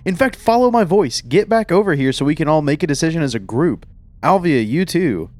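A woman's voice: sits low, expressive, fairly quick, darkish tone, a little hiss or hum. A young woman playing a character at a tabletop game, exasperated and trying to talk sense into the group. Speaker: player. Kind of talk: in-character tabletop role-play.

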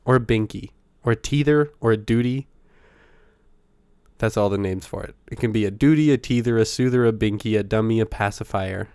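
A man's voice: lowish voice, brisk, a little mellow, smooth, no echo, clean studio sound. A man co-hosting a casual chat, teasing and laughing often. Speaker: podcast co-host.

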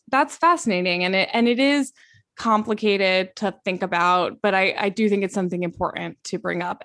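A young woman talks casually as a podcast co-host, at a middle pitch. She often restarts a phrase while thinking it through, then leans hard on the point she wants to make. Her voice is recorded close and dry, with no room sound. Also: no room sound. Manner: repeats words as she thinks aloud, lively emphasis. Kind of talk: casual conversational chat.

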